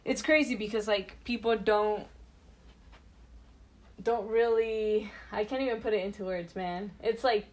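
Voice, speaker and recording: A woman's voice: medium pitch, measured pace. Chatty woman podcast co-host. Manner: chatty and animated, with many fillers and restarts. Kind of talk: casual chat.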